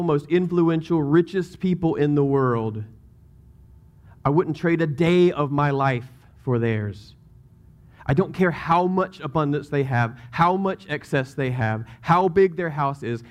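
A man with a Southern US accent preaching a sermon as pastor, in a casual, rambling way that keeps interrupting itself. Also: fairly high pitch.

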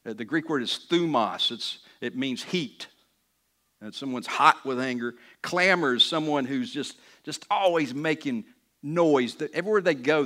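A man's voice: mid-range voice, a bit bright. A man pastor preaching a sermon in an earnest, conversational way, often restarting phrases and building to emphatic peaks.

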